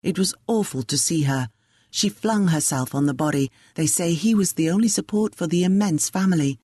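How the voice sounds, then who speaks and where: Shaken chatty nobleman, woman narrator voicing him, low raspy-ish voice, audiobook. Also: normal speed, warm tone, no echo, studio quality.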